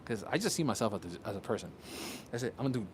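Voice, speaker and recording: A man's voice: medium pitch, lively intonation, rapid-fire. A man from Puerto Rico talks casually on a livestream. He rambles, repeats words, restarts often and swears freely. A faint hum of ambience sits behind his voice. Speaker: content creator.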